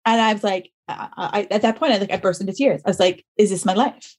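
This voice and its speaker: A woman's voice: medium pitch, fast, husky. A woman in her thirties, a trainer and podcast guest, animatedly telling a personal story and acting out quotes. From US East Coast. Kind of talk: casual interview storytelling.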